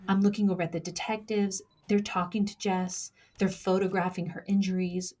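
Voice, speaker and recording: Husky young woman telling a true story. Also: medium pitch, a little mellow. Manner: measured, dramatic pauses, acts out quoted lines.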